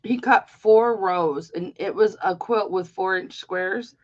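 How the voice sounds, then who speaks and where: Middle-aged woman host, chatty and rambling, slow delivery, muffled lo-fi stream sound. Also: mid-range voice. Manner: chatty, rambling, playful storytelling. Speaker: live-stream jewelry auction host. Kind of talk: casual live-stream chat.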